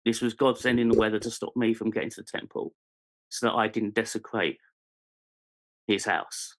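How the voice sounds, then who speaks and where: A man's voice: lowish voice, level tone, moderate pace. Earnest British man in his forties. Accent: British English. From England. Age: 40s. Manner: earnest, searching, frequent ums and restarts. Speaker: podcast guest. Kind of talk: candid personal storytelling.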